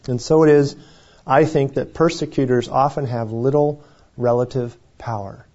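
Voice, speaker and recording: A man leading a Bible study in a relaxed, conversational way, often correcting himself and chuckling. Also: medium pitch, moderate pace. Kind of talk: informal Bible teaching. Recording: dull lo-fi recording.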